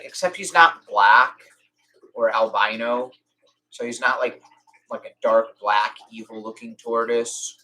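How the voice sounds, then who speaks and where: A young man with a bright, forceful voice hosts a casual live-stream Q&A. He talks in a chatty way and acts out little conversations in lively quoted voices. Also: fairly low pitch, low-quality recording. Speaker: reptile rescue host.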